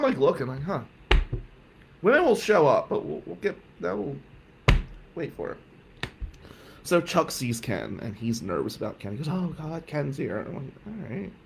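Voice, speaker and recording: Animated gravelly man telling a story. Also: a little hiss or hum. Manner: animated, acts out quotes with jumps in pitch and loudness. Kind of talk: comedic anecdote.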